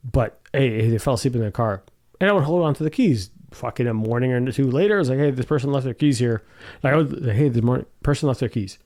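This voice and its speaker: This man co-hosting a podcast talks quickly and expressively, with a mid-range, somewhat mellow voice. Swearing without restraint and laughing frequently, he spins stories in a laid-back chat.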